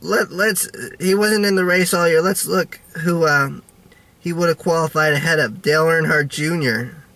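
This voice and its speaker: A man with a high, bright, ringing voice talks slowly through a video diary, stumbling over restarts and fillers. He is melodramatic and self-pitying in a mock-despairing way. The sound is close and dry, with no room echo. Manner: halting, with many restarts and fillers. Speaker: vlogger.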